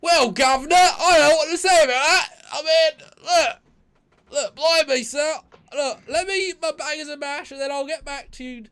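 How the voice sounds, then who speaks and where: A man putting on a flustered, blustering Cockney character in a high, strained falsetto with a mock Cockney accent. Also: normal speed, fairly bright tone.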